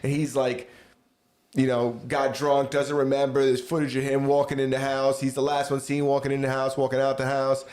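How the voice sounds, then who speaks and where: A man's voice: mid-range voice, monotone, moderate pace, darkish tone. A man co-hosting a casual podcast, retelling things in a rambling way full of "like" and "you know". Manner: rambling storyteller, many fillers like "like" and "you know". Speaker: podcast co-host.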